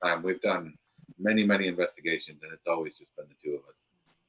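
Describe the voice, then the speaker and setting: A middle-aged man with a low, deep voice answers interview questions in a plain, matter-of-fact way, talking as a paranormal investigator. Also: steady tone, fast, highs cut off. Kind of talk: casual interview.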